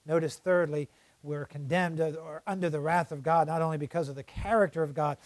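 A male preacher delivering a sermon, swinging from loud cries to hushed low passages, with frequent "uh" fillers between phrases. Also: fairly even intonation, a little fast, no echo.

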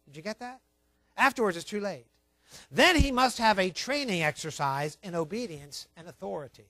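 A man preaching a sermon, emphatic and repetitive, telling his listeners to write points down, swinging between quiet asides and loud stressed words. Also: sits high, expressive, moderate pace, dry recording. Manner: emphatic, repeats key points, tells listeners to write things down. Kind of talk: sermon on child training.

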